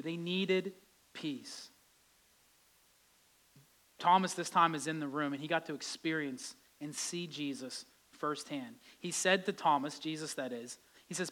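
Male pastor, high-pitched voice, conversational sermon, rises with emphasis. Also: a little slow, a bit bright. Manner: conversational preaching, voice rising with emphasis.

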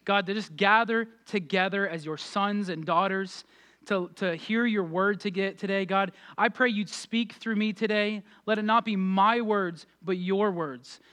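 A man pastor preaching a sermon and leading prayer, energetic and emphatic with fervent peaks. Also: sits high, a little slow.

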